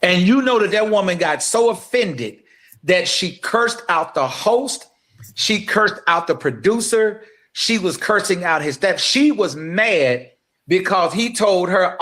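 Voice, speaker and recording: A grown man co-hosting a talk show, his voice sitting high for a man. He builds his points like a preacher, emphatic and direct, calling out to the audience as he goes. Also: animated, a little slow, fairly bright tone. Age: adult. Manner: emphatic, building like a sermon, addresses listeners directly. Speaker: podcast co-host. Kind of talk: impassioned podcast talk, preacher-like.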